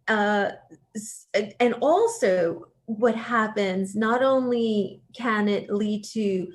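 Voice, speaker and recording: A woman professor leading a writing workshop in a casual lecture style. She talks conversationally, with fillers and restarts, and turns emphatic when she coaches. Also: mid-range voice.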